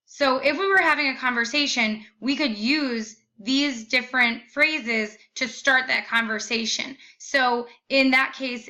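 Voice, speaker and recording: A young woman teacher walks through a lesson, slowing down to model each phrase with care. Her voice sits a little high and sounds bright and forward. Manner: slow, careful modeling of phrases. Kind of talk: recorded classroom lesson.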